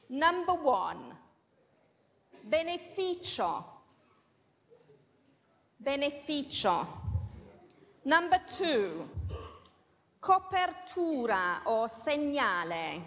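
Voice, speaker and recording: Woman, English teacher, slow patient dictation, dull lo-fi recording. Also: a little high, fairly bright tone. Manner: patient, repeats each word twice. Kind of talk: classroom dictation lesson. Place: classroom. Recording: dull lo-fi sound with long room reverb.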